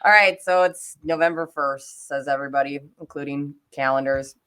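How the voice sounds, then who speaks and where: Chatty, low-voiced woman co-host. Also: steady tone, moderate pace, fairly bright tone, smooth. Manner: chatty, exasperated, blunt. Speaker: radio co-host. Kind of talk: casual radio banter.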